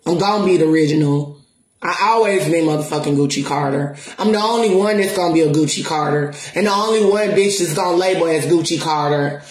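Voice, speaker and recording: Her voice is low-pitched, slightly mellow and fairly quick as she confronts the camera, a spiritual counselor and music promoter who swears, defies, and keeps repeating and stressing her words. The room echoes, and there's a bit of background noise.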